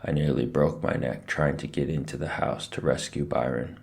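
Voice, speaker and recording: Very deep, gravelly man reading aloud. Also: moderate pace. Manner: expressive, lively. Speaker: narrator. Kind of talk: storybook read-aloud.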